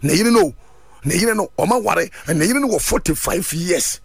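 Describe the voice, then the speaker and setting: Fervent high-voiced preacher. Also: male voice, animated, normal speed, vocal fry, slightly rough, no room sound. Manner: fervent, mixing Twi and English, shouting at peaks. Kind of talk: sermon.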